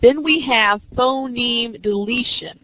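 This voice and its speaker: A woman's voice: fairly high pitch, slow pace, pushed and bright, no echo, rough recording. A woman teaching an online class, explaining reading skills step by step and acting out teacher and student examples. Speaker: teacher educator.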